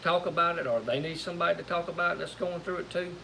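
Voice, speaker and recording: A man's voice: fairly high pitch, quick pace, creaky, pushed and bright, rough recording. A man co-hosting a homestead live-stream, talking in a folksy, rambling way that circles back and repeats itself. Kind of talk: casual live-stream chat. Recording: faint hiss.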